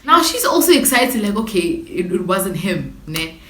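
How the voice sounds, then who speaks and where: A young South African woman with a South African accent, telling a dramatic storytime vlog in slangy, animated bursts. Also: medium pitch, moderate pace. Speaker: YouTuber. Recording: echoey room with faint noise.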